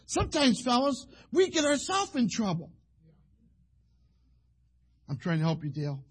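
Folksy husky-voiced preacher man. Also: very high-pitched, wildly swooping pitch, a little slow, pauses often. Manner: folksy, rambling, acts out quoted couples. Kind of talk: sermon.

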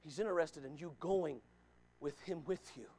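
Man, pastor, high voice, emphatic sermon, repeats his points, calls on people by name. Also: moderate pace, darkish tone.

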